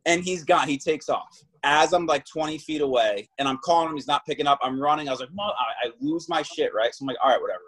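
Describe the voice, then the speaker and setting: A man with a slightly high, husky voice tells stories in casual conversation. He talks animatedly and acts out what each person said. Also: fast talker, hardly any pauses, poor audio. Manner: animated storyteller, acts out both sides of exchanges. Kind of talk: casual chat, storytelling.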